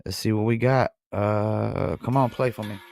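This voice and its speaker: A man's voice: on the low side, fairly even intonation, moderate pace, gravelly, a little mellow. A man with a Southern US accent hosting a music review livestream, talking casually with a lot of fillers. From North Carolina. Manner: laid-back, rambling, frequent um and I mean. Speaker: music review show host.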